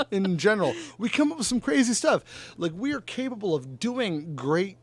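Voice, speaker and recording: This high-pitched podcast host from northern California takes his time, recorded with no echo. During a casual chat he cusses freely, laughs frequently, and spins stories energetically.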